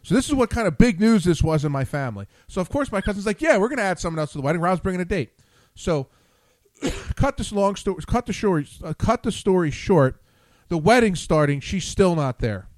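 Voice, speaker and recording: A man's voice: high voice, big pitch swings, fairly quick, a little mellow, no room sound. A man hosting a chat show, telling a long story with lots of swearing and acted-out quotes. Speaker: show host. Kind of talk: casual chat.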